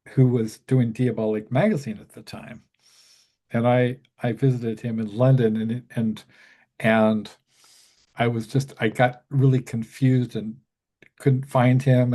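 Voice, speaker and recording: Rambling, mellow-voiced male storyteller. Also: mid-range voice. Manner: halting, full of restarts and fillers. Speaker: guest, musician and horror author. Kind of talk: casual anecdote on a talk show.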